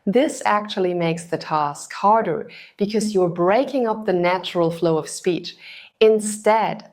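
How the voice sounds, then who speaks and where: Female tutor, lowish voice, scripted narration, steady and instructional. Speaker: TOEFL tutor.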